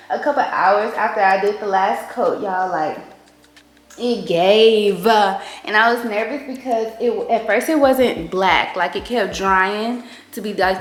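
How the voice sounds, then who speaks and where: A young woman talks through a finished home project in a chatty, bubbly way, filling every pause with casual fillers. Her voice sits at a middling pitch. It rings a little off the walls of the room. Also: roomy sound. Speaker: home decor vlogger. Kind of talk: casual chat.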